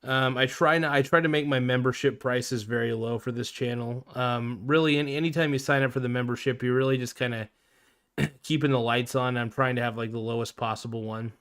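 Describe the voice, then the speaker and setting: A man's voice: mid-range voice, steady tone, a little fast, a bit bright. A man hosting a podcast, ranting casually in a blunt, profane way and often cutting himself off mid-sentence. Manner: blunt, profane, self-interrupting. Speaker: podcast host.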